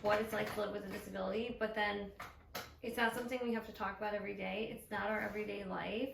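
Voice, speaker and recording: A woman's voice: medium pitch, level tone, fast talker, vocal fry, reverberant, recorded from a distance, a little hiss or hum, poor audio. A woman co-hosting a casual chat, earnest and supportive, reflecting at length with many fillers. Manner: earnest, supportive, talks in long reflective runs. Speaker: co-host.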